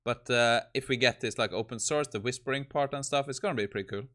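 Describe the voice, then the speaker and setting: A man's voice: medium pitch, fast, fairly bright tone. A man hosting a tech video who comments casually on a demo and thinks aloud. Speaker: host.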